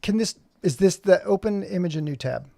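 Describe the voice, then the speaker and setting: Gravelly man rambling on a live stream. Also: high-pitched, lively intonation, a little fast, dry recording. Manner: rambling, thinking aloud while fumbling with software; jokey and self-mocking. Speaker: animator streaming his work. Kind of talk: casual live-stream chat.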